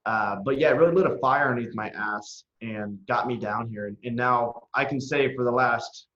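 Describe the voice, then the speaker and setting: A young man telling stories as a podcast guest, animated and a little profane. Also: mid-range voice, moderate pace, roomy sound, muffled recording. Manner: animated, profane, acts out quotes. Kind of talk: casual storytelling in conversation.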